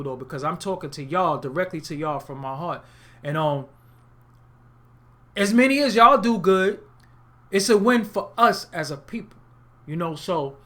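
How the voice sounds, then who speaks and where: A man's voice: sits high, a bit bright. A man from Brooklyn, hosting an unscripted webcast monologue, talking in a profane, streetwise and emphatic way. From Brooklyn, New York. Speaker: webcast host.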